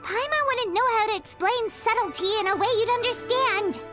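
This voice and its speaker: A woman's voice: very high-pitched, normal speed. A woman voicing a tiny, chirpy floating companion in a video game who speaks of herself in the third person. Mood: blunt teasing. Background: game music.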